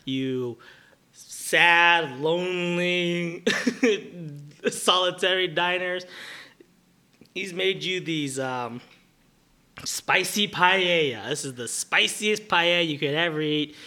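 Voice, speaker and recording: A man's voice: fairly high pitch, takes it slowly, bright, forceful tone. An improviser voicing an eager male restaurant server, announcing specials in an improv comedy scene. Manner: showy, announcing to the bar.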